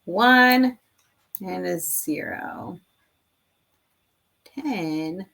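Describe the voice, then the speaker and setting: A woman's voice: lowish voice, lively intonation, extremely slow, vocal fry, a bit bright. A woman in her thirties chatting casually and rambling with laughs while making a craft design on screen. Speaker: craft video creator. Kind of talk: casual screen-recording chat.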